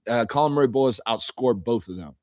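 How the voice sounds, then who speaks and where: Hoarse, emotional male fan host. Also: mid-range voice, fast, no echo, clean studio sound. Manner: emotional, excitable, rambling. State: hoarse, voice worn out; tired. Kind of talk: live fan reaction stream.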